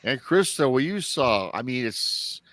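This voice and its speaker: Man, podcast host, empathetic, drawn-out emphatic words, mid pitch, dry recording. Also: sing-song, a bit bright, dry recording. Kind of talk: casual interview chat.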